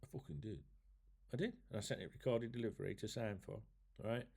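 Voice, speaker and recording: A man's voice: lowish voice, fairly quick, gravelly, a little mellow, breathy edge. A man from England, chatting casually and swearing freely to his viewers in a rambling, jokey way. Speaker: YouTube host.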